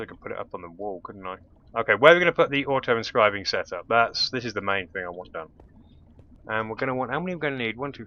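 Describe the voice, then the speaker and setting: A man's voice: on the low side, sharp tone, muffled recording. A man casually commentating his own gameplay, thinking aloud and muttering as he works things out. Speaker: let's play host.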